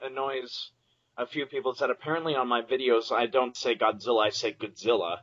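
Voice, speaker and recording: A man co-hosting a podcast in casual chat, expressive and quick to laugh out loud. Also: medium pitch. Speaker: podcast co-host. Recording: dull lo-fi audio.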